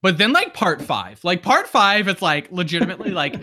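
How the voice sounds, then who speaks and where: Animated, bright-voiced man chatting. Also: high-pitched, fairly quick. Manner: animated, swears a lot, acts out quotes. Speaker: podcast co-host. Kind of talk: casual chat.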